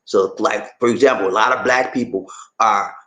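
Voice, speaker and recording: A man hosting his own show, explaining things to viewers casually in an animated, playful way and teasing the audience. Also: on the low side, moderate pace. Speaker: host. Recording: echoey room.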